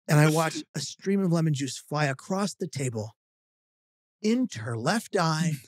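A man's voice: fairly high pitch, a little slow, dry recording, studio quality. A man, a podcast guest telling a funny story with acted-out quotes. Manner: animated storyteller, acting out quotes.

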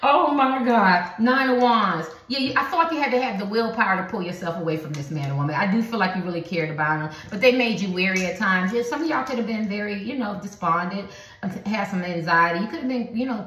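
A woman's voice: mid-range voice, a bit bright, echoey room, low-quality recording. A woman giving a casual, profane tarot reading into her phone, laughing often. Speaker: tarot card reader.

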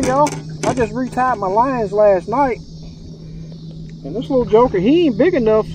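A man's voice: very high-pitched, lively intonation, moderate pace, noisy background. A man, chatting casually to viewers while fishing from a boat on a lake. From Texas. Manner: chatty, drawling, addresses viewers as y'all. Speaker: fishing guide. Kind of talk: casual fishing vlog commentary.

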